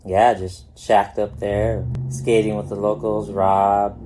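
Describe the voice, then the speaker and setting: Laid-back guy from california, fairly low voice, swears a lot, laughs thru his stories. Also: little pitch movement, takes it slowly, noisy background. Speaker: guest, pro skateboarder. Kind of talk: casual storytelling.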